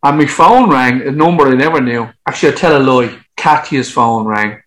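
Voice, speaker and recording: A man being interviewed about his music career, telling long stories in a lively way, laughing and swearing as he goes. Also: medium pitch, moderate pace, poor audio. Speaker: musician guest. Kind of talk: casual anecdotal storytelling.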